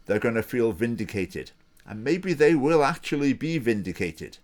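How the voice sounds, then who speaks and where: A man with a Scottish accent, a political party spokesman giving earnest opinion commentary, measured and repeating points for emphasis. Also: mid-range voice, very animated.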